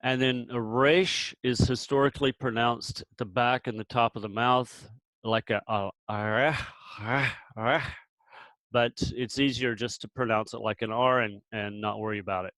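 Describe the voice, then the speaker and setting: A man teaching Biblical Hebrew pronunciation, patient and relaxed, repeating sounds slowly with pauses and restarts. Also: medium pitch, no echo, poor audio.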